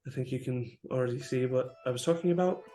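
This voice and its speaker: A man voicing a gentle coaxing older brother. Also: mid-range voice, fast, natural voice. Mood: confiding. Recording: roomy with faint music.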